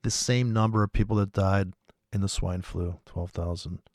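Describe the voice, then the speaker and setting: Gravelly ranting man. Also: sits low, fairly even intonation, normal speed, no echo, clean studio sound. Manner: angry, profane, rambling rant with sudden loud outbursts. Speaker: forex trading streamer. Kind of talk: profane ranting monologue.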